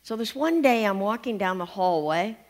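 A woman's voice: mid-range voice, lively intonation, normal speed. Woman minister preaching in an echoing hall. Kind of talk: sermon. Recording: long hall reverb.

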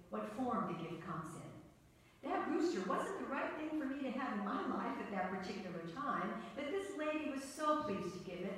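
A woman minister giving a chatty, encouraging sermon and asking her listeners questions. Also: medium pitch. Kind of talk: conversational sermon. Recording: echoey hall, voice from far off.

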